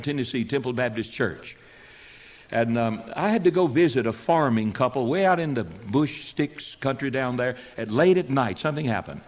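An older man, a preacher, telling stories as a guest on a talk show, in a folksy and emphatic way that repeats phrases for effect. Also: mid-range voice. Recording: dull lo-fi recording.

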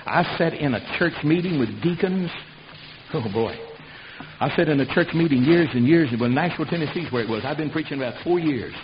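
A man's voice: fairly high pitch, animated, fairly quick. Older male preacher, folksy fire-and-brimstone delivery, muffled hissing recording. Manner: folksy, fiery, preaching with sudden loud shouts. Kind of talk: sermon. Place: church service. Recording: dull lo-fi recording with hiss.

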